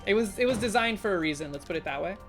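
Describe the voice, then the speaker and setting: Talking very fast and expressively in a mid-range voice, this streamer narrates a game live while chatting to her audience. Jumpy, startled outbursts pop up throughout, with gentle music playing behind her.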